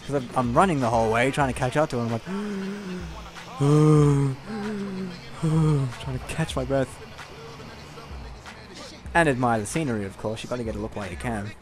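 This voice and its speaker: A man's voice: mid-range voice, quick pace, pauses often, over music. A young man telling a long, rambling personal story over gameplay, candid and casual with frequent swearing. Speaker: gameplay commentator.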